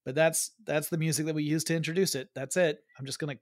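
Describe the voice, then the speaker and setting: A man's voice: on the high side, fairly even intonation, no room sound. Upbeat man co-hosting a podcast. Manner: jokey, self-deprecating, quick asides. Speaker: podcast co-host. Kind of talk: casual chat.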